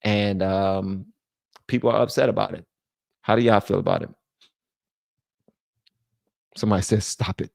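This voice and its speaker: Gravelly man ranting on a livestream. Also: normal speed, pauses often, dry recording, studio quality. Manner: animated, switches between loud rants and low muttering. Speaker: livestream host. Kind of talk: casual political commentary livestream.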